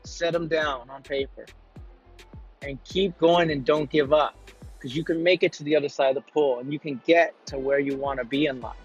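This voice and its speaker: A man's voice: on the high side, fairly even intonation, moderate pace. A man hosting a podcast, telling a motivational story in an earnest way, often repeating himself and restarting his sentences. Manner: repetitive, earnest, stumbling restarts. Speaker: podcast host. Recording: muffled lo-fi with faint music.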